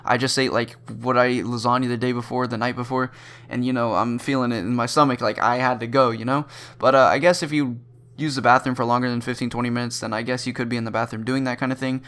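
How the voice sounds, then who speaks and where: A teenage boy rambles through a storytime vlog about school, leaning on fillers all the way. His pitch sits in the ordinary middle for a guy, though it jumps high when he reenacts his own panic. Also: level tone, fast, a bit bright, smooth. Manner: acts out his own panicked reactions in sudden high bursts. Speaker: vlogger.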